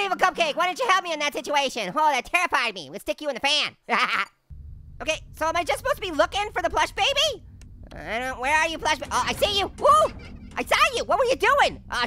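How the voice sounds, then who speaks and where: Squeaky, sharp cartoon orange, very high and bouncy, a punning let's-play host who yelps at scares. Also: male voice, sing-song, brisk, heavily acted. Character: hyper, wisecracking male talking orange. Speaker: gaming host. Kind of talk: comedic let's-play commentary.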